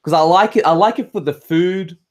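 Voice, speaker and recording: A man's voice: high-pitched, a little fast. Swearing Australian man, rambling chat. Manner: rambling and swearing, with frequent restarts; reads viewer comments aloud and answers them. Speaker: livestream host. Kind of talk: casual livestream chat.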